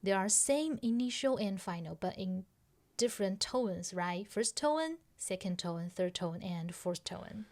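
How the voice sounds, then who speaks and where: Podcast teacher lady, slow unhurried talk, patient and checks in a lot. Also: medium pitch, lively intonation, a little mellow. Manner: patient, explains step by step and checks understanding. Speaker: language teacher and podcast host. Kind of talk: podcast pronunciation lesson.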